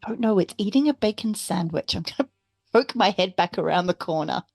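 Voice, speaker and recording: A woman's voice: mid-range voice, animated, brisk, vocal fry, a little mellow, dry recording. A woman playing in a tabletop game, describing her character's moves in a playful, casual way. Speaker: player.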